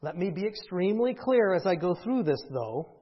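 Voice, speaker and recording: A man's voice: high-pitched, big pitch swings, normal speed, breathy edge, highs cut off. A man preaching a conversational sermon who keeps asking the congregation questions and tagging on "right?". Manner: conversational, asks the audience questions, often adds "right?". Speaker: pastor.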